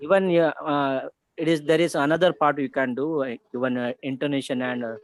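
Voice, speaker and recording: A man's voice: a little high, fairly even intonation, brisk. A man giving polite, hesitant feedback to a teacher in an online class, with many fillers. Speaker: class participant.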